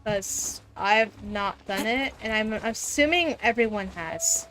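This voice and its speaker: A woman's voice: mid-range voice, slow pace, fairly bright tone. A woman streamer with a light soprano voice, chatting casually and giggling while she plays. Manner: chatty, giggly, lots of restarts. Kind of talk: casual livestream chat while gaming.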